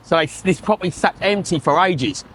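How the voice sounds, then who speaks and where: A man's voice: fairly high pitch, moderate pace, a bit bright, a little hiss or hum. A man with a Northern English accent giving a casual walking-tour vlog about his properties, blunt and chatty, telling stories and swearing now and then. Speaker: property investor vlogger. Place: outdoors on a street.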